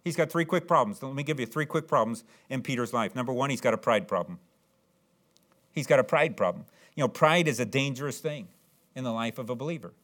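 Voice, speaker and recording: A man preaching a sermon, reading scripture slowly and repeating phrases as he builds to loud, emphatic stresses. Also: medium pitch, expressive. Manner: reads scripture aloud in slow, drawn-out cadence. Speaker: pastor.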